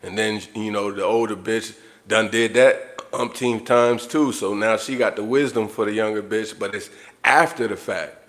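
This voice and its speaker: Man, lowish voice, livestream rant, blunt, profane, repetitive. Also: fairly even intonation, moderate pace, fairly bright tone. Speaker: livestream host. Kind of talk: unscripted livestream monologue.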